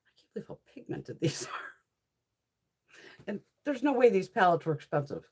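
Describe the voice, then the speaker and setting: Chatty woman with a lively, swooping voice. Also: lowish voice, normal speed, slightly rough. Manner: chatty, profane, laughs often; answers viewers' live comments. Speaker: beauty haul host. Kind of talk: casual chat while swatching makeup.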